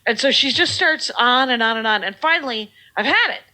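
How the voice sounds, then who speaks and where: A woman telling a story in a casual podcast chat, lively and self-mocking. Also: on the high side, a little fast.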